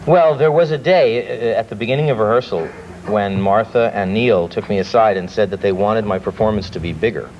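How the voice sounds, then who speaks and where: An actor answering an interviewer with a lowish voice. He is measured and thoughtful, pausing to find the right word. The recording is dull with a faint hiss. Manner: measured, thoughtful, searching for words.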